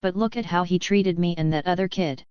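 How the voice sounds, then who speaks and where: A woman reads an eleven-year-old boy wizard from a storybook, eager and open-handed. His voice sits low for a woman and is smooth, the recording slightly muffled. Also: fairly quick, no room sound, lightly acted. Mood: earnest.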